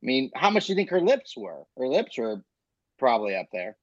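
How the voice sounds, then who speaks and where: A man's voice: medium pitch, big pitch swings, a little fast, dry recording. A man co-hosting a podcast, chatting casually and laughing often. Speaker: podcast co-host. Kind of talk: casual chat. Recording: dull dry lo-fi mic.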